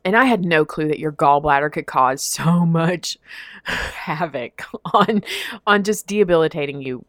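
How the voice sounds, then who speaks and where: A woman telling a long personal story in casual chat, expressive and laughing often. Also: sits low, a little slow, dry recording, studio quality. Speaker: podcast guest telling a story.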